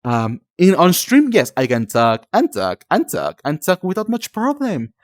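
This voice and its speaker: On a live stream, a lively man whose voice is on the high side reads the chat aloud and talks casually, pausing to search for words because Spanish is his native language. The recording is studio quality with no room sound.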